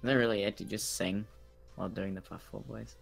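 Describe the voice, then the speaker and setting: A man co-hosting a casual livestream, answering in a relaxed, hesitant way. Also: on the low side, a little fast, vocal fry, faint music behind. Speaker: co-host, voice actor.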